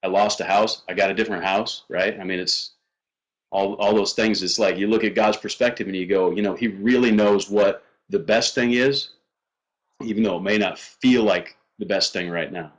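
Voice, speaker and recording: A middle-aged man sits as a guest and tells a long personal story in a fairly low voice. He talks earnestly, with plenty of fillers and false starts. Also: steady tone, poor audio. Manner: earnest, halting, with many fillers and restarts.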